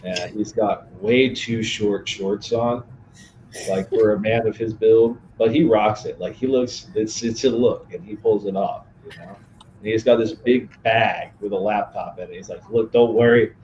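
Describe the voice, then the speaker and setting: Low-voiced man on a dull recording. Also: fairly even intonation, unhurried, darkish tone, a little hiss or hum. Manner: laid-back, rambling. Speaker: player. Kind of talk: casual chat describing a character.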